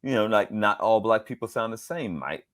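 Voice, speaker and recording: A middle-aged man from Georgia, a voice actor being interviewed, telling animated stories and acting out quotes in different voices. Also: fairly low pitch, moderate pace. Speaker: voice actor guest. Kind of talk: casual interview storytelling.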